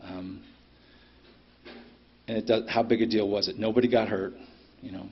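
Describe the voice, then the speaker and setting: At a recovery meeting, a middle-aged man with a somewhat low, husky voice shares his personal story at a normal speed and with little change in pitch. He speaks plainly and bluntly, dropping plenty of ums and the occasional curse word. The recording from the meeting room is dull and lo-fi.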